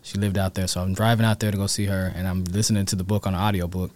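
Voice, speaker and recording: A man's voice: low-pitched, racing, no room sound. A man, a real estate agent telling his story in a casual interview and acting out quoted voices. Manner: animated, acts out quotes in a raised voice.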